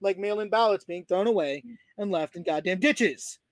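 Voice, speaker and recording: High-voiced argumentative man. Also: moderate pace, no echo. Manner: combative, insistent, talks over others. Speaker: guest. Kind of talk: heated call-in argument.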